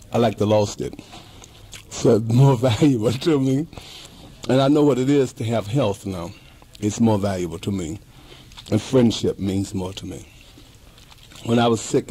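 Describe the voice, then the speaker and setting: A man's voice: lowish voice, moderate pace, long pauses, dark tone, slight background noise. A man in his fifties, talking in a casual interview with emphatic, heartfelt repetition. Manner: emphatic, repeats himself, heartfelt. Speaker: interview guest.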